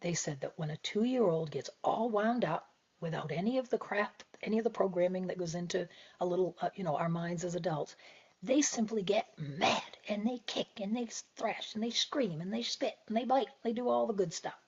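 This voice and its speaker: A woman speaking as a spiritual teacher in an earnest, heartfelt talk, soft and gentle, often dropping to a hushed whisper. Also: medium pitch, moderate pace, slightly rough. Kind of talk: reflective spiritual talk to camera. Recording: dull lo-fi recording.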